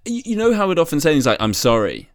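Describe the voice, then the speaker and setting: A man chatting casually on a football podcast in animated, quick bursts. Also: high-pitched, no room sound, clean studio sound. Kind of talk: casual chat.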